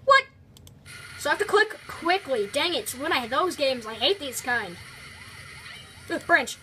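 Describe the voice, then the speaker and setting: Young woman doing let's play commentary, high bright voice, bounces all over, lots of excited yelps. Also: slight background noise. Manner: excitable, quick exclamations, teasing the character. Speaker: video game commentator.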